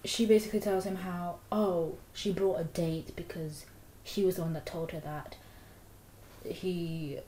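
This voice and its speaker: A woman's voice: on the low side, fairly even intonation, unhurried, warm tone, slight background noise. Rambling young woman, casual book chat. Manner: rambling, full of "like" fillers. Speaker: book vlogger. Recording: echoey room.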